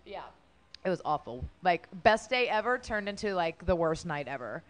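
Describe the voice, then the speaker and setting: A woman's voice: fairly low pitch, very animated, normal speed. A woman in her thirties telling a story as an interview guest, chatty and full of fillers, chewing gum while she talks. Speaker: guest, former wrestler.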